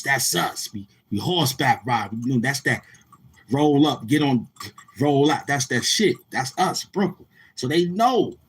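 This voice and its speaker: A husky-voiced man with a New York accent talks straight to camera in loose street slang. He rambles and keeps circling back to the same tag phrases, his pitch sitting in an ordinary middle range. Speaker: vlogger. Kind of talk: casual street talk to camera.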